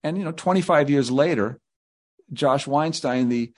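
A man's voice: mid-range voice, moderate pace. A male guest author telling rambling anecdotes in an interview, slipping into quoted voices.

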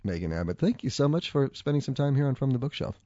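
A man's voice: mid-range voice, big pitch swings, fast, muffled recording, a crowd in the background. A man hosting a book podcast, asking questions with a wry, teasing manner. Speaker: podcast host. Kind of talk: interview hosting.

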